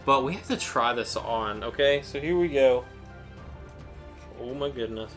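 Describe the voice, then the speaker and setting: A man's voice: mid-range voice, unhurried, a bit bright, soft background music. A man hosting an unboxing video, talking in an enthusiastic, rambling way as he gushes over each item. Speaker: unboxing channel host. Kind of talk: excited unboxing commentary.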